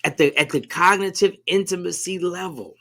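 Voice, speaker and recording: A man with a high, gravelly voice co-hosts a relaxed conversation. He speaks in a preachy, emphatic way and likes to ask leading questions. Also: normal speed. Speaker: podcast co-host. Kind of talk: casual conversation.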